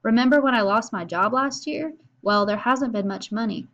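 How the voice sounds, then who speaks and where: A woman's voice: a little high, moderate pace, a bit bright, muffled recording. A woman reading the lines of a worried old grandfather from a storybook, with little inflection. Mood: sad. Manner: plainly read, little inflection. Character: worried old grandfather losing his camp.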